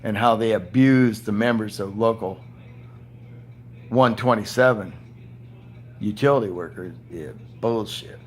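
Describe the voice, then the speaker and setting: A man's voice: fairly low pitch, measured pace, pauses often, a little hiss or hum. Profane, ranting older man in his seventies. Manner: blunt, profane, ranting, with heavy swearing. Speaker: retired power plant worker and former union steward. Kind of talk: angry monologue vlog. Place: indoor room at home with TV and fan.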